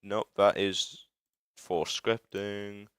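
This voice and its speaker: A man's voice: on the low side, flat delivery, smooth, no echo, studio quality. A young British man streaming live, rambling and swearing as he fumbles through a building tool and chats with viewers. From Britain. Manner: rambling, self-interrupting, swearing, quick to frustration. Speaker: livestreamer. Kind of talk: casual live-stream chat while game building.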